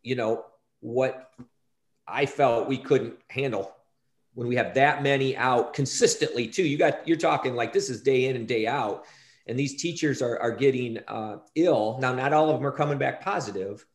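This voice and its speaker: A man giving a school superintendent's report at a board meeting, halting and often restarting his sentences. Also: medium pitch, reverberant.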